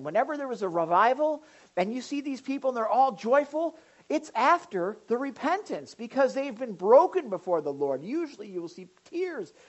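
Lady pastor preaching, lively, slips into little voices of folks in the pews. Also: a little high, dull audio. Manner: animated, acts out congregants' voices. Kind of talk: sermon.

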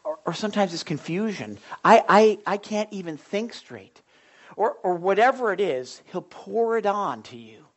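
A man preaching a sermon, telling stories and acting out his own thoughts in an animated way. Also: sits high, moderate pace.

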